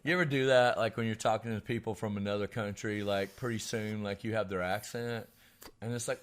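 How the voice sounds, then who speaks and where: A man's voice: on the low side, steady tone, fairly quick, clean tone. A man co-hosting a casual podcast, rambling loosely, swearing freely and laughing often. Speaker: podcast co-host. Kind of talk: casual chat.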